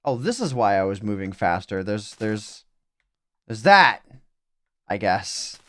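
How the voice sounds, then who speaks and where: A man's voice: fairly low pitch, sing-song, slow, a bit bright. A young adult man streaming a game live, thinking aloud in a rambling way with self-mocking asides.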